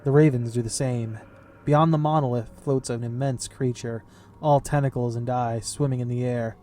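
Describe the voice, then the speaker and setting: A man's voice: mid-range voice, fairly even intonation, moderate pace, warm tone, a little hiss or hum. A man reading game text aloud in a casual playthrough, reading steadily and breaking off into casual comments. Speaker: game player and narrator.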